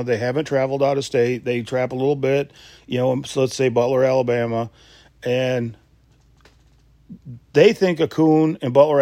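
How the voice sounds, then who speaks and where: A man's voice: medium pitch, a little mellow, no room sound. Rambling man hosting a podcast. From Michigan. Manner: rambling, with many restarts and filler asides. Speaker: podcast host. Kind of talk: casual solo podcast talk.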